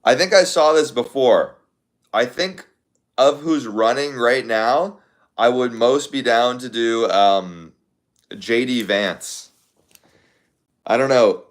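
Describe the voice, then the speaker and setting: A man's voice: medium pitch, takes it slowly, long pauses. A young man casually chatting to his viewers, thinking aloud in a rambling way with lots of fillers. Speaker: content creator.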